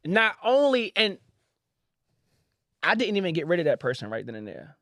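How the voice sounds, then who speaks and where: A man's voice: sits high, big pitch swings, moderate pace, fairly bright tone, dry recording, clean studio sound. A man, a boutique owner, telling stories casually on a podcast and acting out the voices of other people. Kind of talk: casual storytelling.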